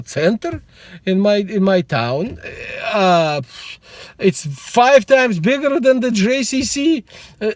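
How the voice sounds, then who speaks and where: A middle-aged man, rambling in a meandering, deadpan way while talking to the camera from inside a car. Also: very high-pitched, dry recording. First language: Russian. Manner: meandering, self-interrupting, deadpan humor. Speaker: vlogger. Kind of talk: rambling casual monologue to camera.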